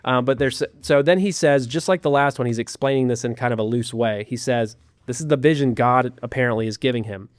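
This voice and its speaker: A man's voice: mid-range voice, brisk, few pauses, dry recording. A podcast host talking casually, irreverent and mocking, often restarting his sentences.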